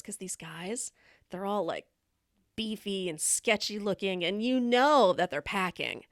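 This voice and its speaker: This live-stream host is a woman telling candid stories in casual conversation, using a gravelly, fry-heavy voice at middling pitch that sounds a bit bright. Blunt and often laughing, she speaks animatedly at a measured pace, recorded dry and close without room sound.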